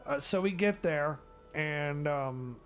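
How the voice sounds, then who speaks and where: Male streamer, high-pitched, profane exasperated storyteller, faint music under. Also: slow pace, fairly bright tone. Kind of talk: ranting comedic storytelling.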